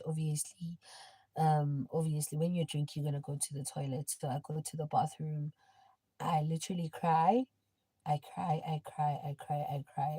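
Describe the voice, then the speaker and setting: A young woman livestreaming, telling a personal story in casual chat and swinging between hushed and loud. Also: sits low, no room sound, rough recording.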